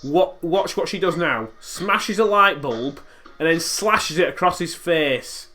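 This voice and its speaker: A man's voice: a little high, expressive, takes it slowly, pushed and bright, faint music behind. Blunt, sweary Yorkshire man. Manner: swearing, jokey, blunt banter. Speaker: podcast host. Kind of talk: film commentary.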